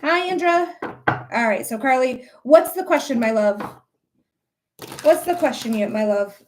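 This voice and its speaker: Answering chat viewers by name during her stream, a young psychic reader vents in a furious, foul-mouthed rant. She has a high, lively voice and a measured pace, and there's slight background noise.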